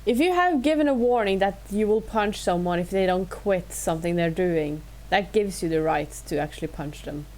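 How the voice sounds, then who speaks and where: A woman's voice: fairly low pitch, animated, normal speed, hardly any pauses, a little mellow. A woman interviewing a guest, giving short encouraging reactions and asking plain questions. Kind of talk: casual interview.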